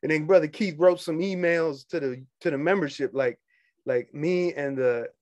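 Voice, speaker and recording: A man, a union organizer talking casually to fellow members, animated and quick to laugh and scoff. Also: on the high side, no echo, lo-fi sound. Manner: animated, laughs often, dismissive asides.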